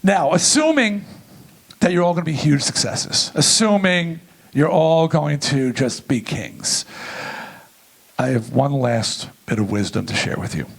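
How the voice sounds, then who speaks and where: A middle-aged man giving a comedic, profane keynote and telling a story with lively energy. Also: a little high, unhurried, creaky. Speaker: keynote speaker. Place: large event venue.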